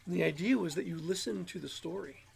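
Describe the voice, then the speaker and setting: This man talks fast in a high-pitched, gravelly, slightly rough voice while hosting his channel. His self-help monologue rambles and muses, with repeated words, and allergies leave him sounding a little nasal.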